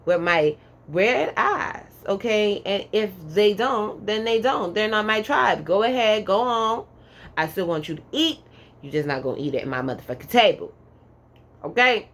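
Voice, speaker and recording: Woman tarot reader, mid-pitched and brash; swears freely and punctuates every point with "okay?". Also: a bit bright. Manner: sassy, profane, emphatic, keeps adding "okay?"; drawls some words slowly for emphasis. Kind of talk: casual pick-a-card tarot reading.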